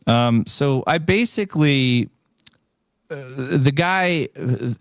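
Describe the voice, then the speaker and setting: A man of middle pitch hosts a podcast, spinning a long, animated anecdote full of "uh"s and acted-out quotes. His voice sits close on the mic with a dry, dead-sounding room. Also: takes it slowly, smooth, no room sound. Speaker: podcast host. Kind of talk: casual storytelling.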